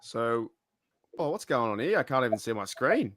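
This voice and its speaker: A man's voice: medium pitch, very animated, normal speed, a bit bright, dry recording. Laughing man hosting a call-in chat. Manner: laughing, swears casually. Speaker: podcast host. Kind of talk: casual chat on a video-call podcast.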